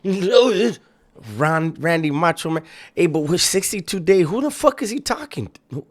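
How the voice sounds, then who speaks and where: A man's voice: on the high side, sing-song, moderate pace. A man hosting a reaction video, making sarcastic, profane and mocking commentary. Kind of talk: casual commentary.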